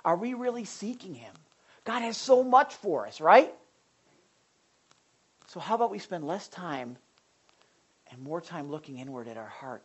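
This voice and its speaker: A pastor preaching a sermon, reading scripture and speaking with animated, repetitive emphasis. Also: medium pitch, a little slow, pauses often, slightly rough.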